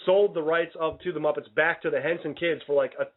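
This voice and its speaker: A man's voice: fairly high pitch, steady tone, fast. Man hosting banter over a tinny line. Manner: rambling, stumbling restarts, mock-indignant. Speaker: radio show host. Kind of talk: casual comedic radio banter. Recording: tinny phone-like radio sound.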